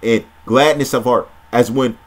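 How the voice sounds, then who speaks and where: A man's voice: mid-range voice, a little slow. Man reading scripture aloud. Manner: reads steadily, breaks off into excited slangy commentary. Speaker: scripture reader and preacher.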